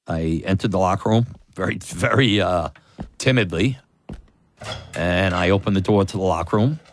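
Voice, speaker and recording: A man telling a lively personal story, laughing and acting out the voices of others. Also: low-pitched, moderate pace, slight background noise. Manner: animated, laughing, acts out quoted voices. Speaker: storyteller guest. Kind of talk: personal story told in an interview.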